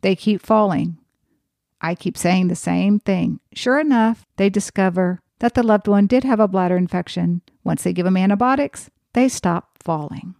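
A woman's voice: medium pitch, normal speed, vocal fry, darkish tone, no room sound. Earnest woman podcast host, dry close sound. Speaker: podcast host and geriatric nurse. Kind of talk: storytelling podcast monologue.

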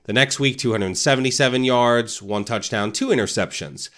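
A man's voice: mid-range voice, normal speed, a bit bright. Man giving casual motivational talk. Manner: casual, keeps asking "right?". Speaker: real estate podcast host.

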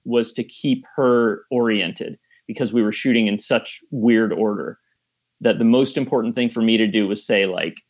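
A man's voice: lowish voice, normal speed. Thoughtful male film director in conversation. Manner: thoughtful, explains at length with restarts. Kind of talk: casual interview chat.

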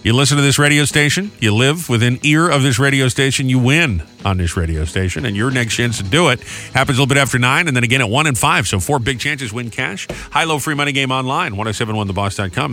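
A man's voice: medium pitch, bright, forceful tone, soft background music. A man hosting a morning radio show, joking and bantering with a co-host and callers. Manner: jokey, fast banter with hammy put-on drawls.

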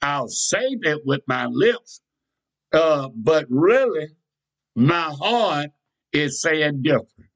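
Slow, emphatic male preacher. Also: on the high side, lively intonation, dull audio. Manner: call-and-response preaching with sudden shouts; folksy, repeats phrases for emphasis. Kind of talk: sermon.

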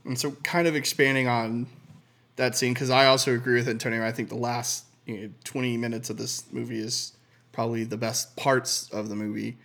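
A man's voice: mid-range voice, flat delivery, a little fast, vocal fry, fairly bright tone. Hesitant, thoughtful male co-host. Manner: thoughtful, hesitant with many ums. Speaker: podcast co-host. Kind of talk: casual podcast chat.

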